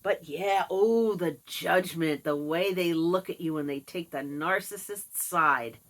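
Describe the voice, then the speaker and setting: A woman's voice: on the low side, a little slow. A middle-aged woman talking casually to camera, sarcastic and mocking, putting on voices when she quotes people. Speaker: vlogger. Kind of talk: casual monologue.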